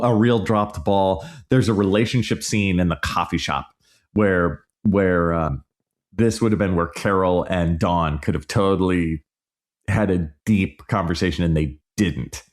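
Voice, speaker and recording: A man's voice: sits low, a little slow, darkish tone. A middle-aged man hosting a casual solo podcast, reviewing a movie in a frank, exasperated rant. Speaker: podcast host.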